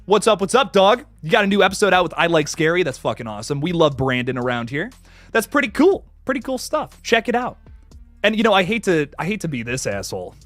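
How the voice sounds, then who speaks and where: A man's voice: high voice, bright, forceful tone, dry recording. A young man hosting a casual live stream, greeting chatters with hype and swearing casually. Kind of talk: casual live stream chat, reading comments.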